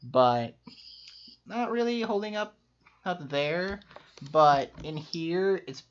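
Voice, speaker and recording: A man's voice: on the high side, lively intonation, a little hiss or hum. Upbeat man chatting on muffled audio. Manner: quick, upbeat, laughs often, many fillers. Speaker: co-host ranking players. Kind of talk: casual chat.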